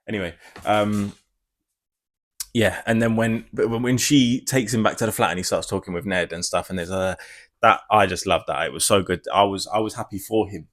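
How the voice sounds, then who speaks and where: A man giving a casual spoiler review, rambling and excitable, swearing freely. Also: lowish voice, fairly quick. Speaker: film reviewer.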